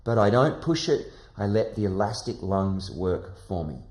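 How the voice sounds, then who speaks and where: A man teaching a singing lesson, coaching calmly and gently and demonstrating relaxed sighs. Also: lowish voice, moderate pace, roomy sound. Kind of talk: guided vocal lesson.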